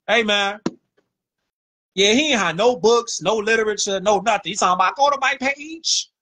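A man hosting a livestream on his phone, talking in a slangy, animated way and repeating lines for emphasis. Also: fairly high pitch, slightly rough. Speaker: livestream host. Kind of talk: casual livestream rant.

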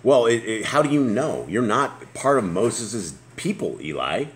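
A man's voice: fairly low pitch, big pitch swings, normal speed. A man hosting a casual scripture study, reading verses aloud and commenting in a chatty way. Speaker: host of a Torah study show.

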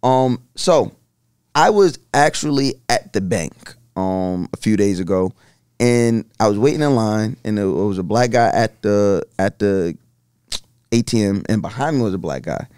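A man's voice: fairly low pitch, expressive, measured pace, darkish tone, smooth, dry recording, clean studio sound. A man co-hosting a podcast, joking and rambling through casual stories. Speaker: podcast co-host.

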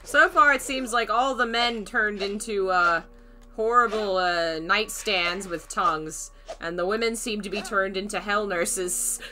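A woman's voice: mid-range voice, slow pace, bright, forceful tone, faint music behind. A woman streaming a horror game, chatting casually, thinking aloud, greeting viewers and laughing often. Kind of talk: casual let's-play commentary.

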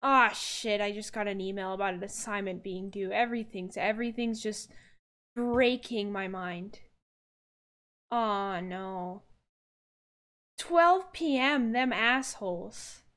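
A woman's voice: medium pitch, slow pace, a bit bright. Flustered young woman streaming live. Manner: flustered, exasperated, laughing outbursts. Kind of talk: casual live-stream chat.

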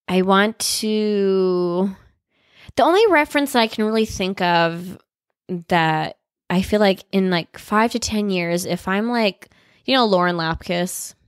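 A woman's voice: medium pitch, slow pace, smooth, no echo, studio quality. A young woman from California, a guest actor and comedian, chatting casually and rambling with lots of filler words. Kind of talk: casual interview chat.

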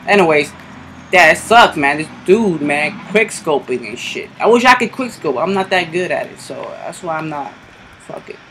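Excitable, cursing young-sounding man gaming. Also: fairly high pitch, moderate pace, slight background noise. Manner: excitable, swears constantly, yelps at sudden moments. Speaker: gamer doing live commentary. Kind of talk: casual gameplay commentary.

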